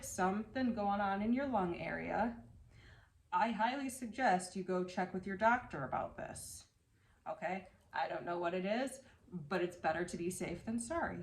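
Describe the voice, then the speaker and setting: A woman's voice: lowish voice, slight background noise, poor audio. A woman who reads tarot, giving earnest advice to her viewers and often checking in with "okay?". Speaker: tarot reader and channel host. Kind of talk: casual advice talk to camera.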